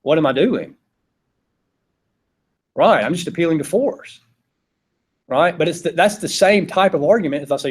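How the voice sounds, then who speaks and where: A man's voice: a little high, expressive, moderate pace, long pauses, breathy edge. A man with a Georgia Southern accent teaching a philosophy class, talking conversationally and checking in with "right?" all the time. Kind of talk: classroom lecture.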